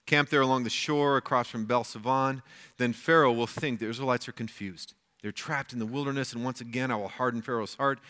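Male pastor, sermon delivery, bright and forward tone, conversational with frequent restarts. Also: medium pitch, steady tone, fairly quick. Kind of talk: sermon reading and explaining scripture.

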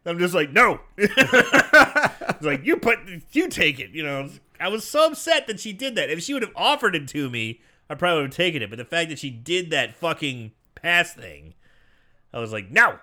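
A man with a very bright, sharp tone and a lively, swooping pitch. He tells stories animatedly, swearing freely and acting out what people said. It is loose, joking podcast talk. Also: a little fast. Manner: animated storyteller, swears freely, jokes and acts out voices. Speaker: podcast co-host. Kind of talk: casual chat.

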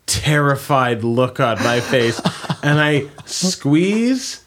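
A man's voice: mid-range voice, very animated, drawn-out words, a bit bright, a little hiss or hum. A young adult man telling a long story in casual chat, rambling, restarting sentences and swearing freely.

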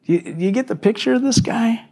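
A male pastor giving a live church sermon, telling the story in a conversational, animated way. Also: very high voice, quick pace, gravelly, husky. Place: church service.

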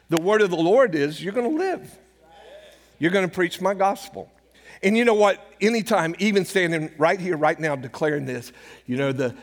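Older male preacher, slightly high voice, chatty storytelling sermon, long hall echo. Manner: conversational storytelling, acts out quoted dialogue. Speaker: pastor. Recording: hall reverb.

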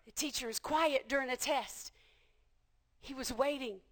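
High-voiced woman preaching with fervor. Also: unhurried. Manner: passionate, builds to shouting, repeats phrases. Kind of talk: sermon.

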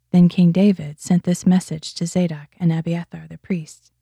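A woman reading scripture aloud in a steady, expressive way, lifting her voice for quoted speech. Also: lowish voice, normal speed, gravelly, slightly rough, no echo, clean studio sound. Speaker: Bible reader.

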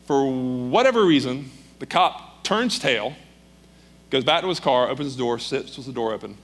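A man preaching, telling a story in a lively, dramatic way. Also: mid-range voice, moderate pace. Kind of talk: sermon storytelling.

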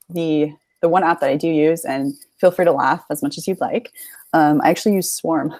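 A young American woman with a slightly low voice tells stories in a bubbly, chatty way and laughs often. Her voice sounds dry and close, with no room around it. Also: warm tone, no echo. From United States. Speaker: podcast guest. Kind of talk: casual chat.

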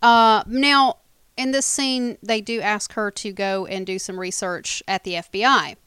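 A woman's voice: mid-range voice, fairly even intonation, unhurried, a bit bright, clear, resonant tone, no room sound. A woman in casual conversation, picking apart a TV plot with sarcastic remarks. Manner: analytical, sarcastic about plot holes. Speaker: podcast co-host recapping a TV show. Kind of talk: casual chat.

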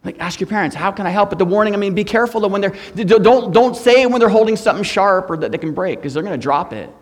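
Man, middle-aged, sermon, joking, hushed to loud, raised pitch, long hall reverb. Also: animated, quick pace. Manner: humorous, swings between soft and loud. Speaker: guest pastor. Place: church sanctuary.

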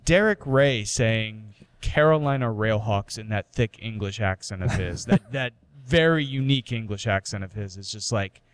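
A man's voice: on the low side, expressive, normal speed, few pauses, smooth, no echo. A man co-hosting a casual sports podcast who tells stories animatedly and acts out his own reactions. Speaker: podcast co-host.

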